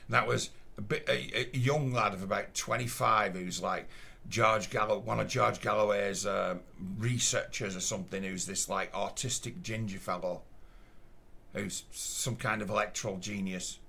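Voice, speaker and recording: Gravelly Lancashire man, blunt and sweary. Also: on the low side, steady tone, moderate pace, bright, forceful tone. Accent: Northern English, Lancashire. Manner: blunt, swears often, acts out quoted voices. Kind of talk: casual storytelling.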